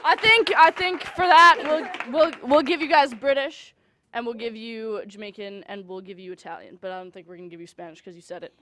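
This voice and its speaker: A young woman hosting a party game, excited and urging contestants on. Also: fairly high pitch, a little fast, a little hiss or hum. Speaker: game host.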